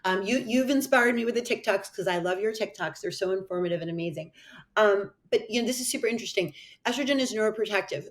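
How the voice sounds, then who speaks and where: A woman doctor speaking as a podcast guest, animated and emphatic with quick asides. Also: mid-range voice. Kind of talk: podcast interview.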